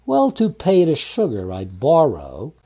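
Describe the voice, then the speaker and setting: A man's voice: medium pitch, wildly swooping pitch, a little slow, warm tone, slightly rough, heavily acted. A man voicing a flirtatious French neighbour woman. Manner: teasing, seductive.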